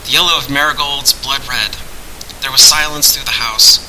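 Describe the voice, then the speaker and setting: A man narrating a fantasy story aloud in a measured, dramatic way. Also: medium pitch, fairly even intonation, bright, forceful tone, slight background noise, low-quality recording.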